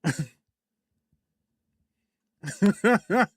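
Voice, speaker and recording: High-voiced man hosting a loose livestream. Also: lively intonation, very slow, breathy edge, no room sound, studio quality. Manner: loose slangy banter, repeats phrases, frequent shout-outs. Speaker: livestream host. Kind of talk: casual livestream commentary, reading chat aloud. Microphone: desktop USB condenser mic.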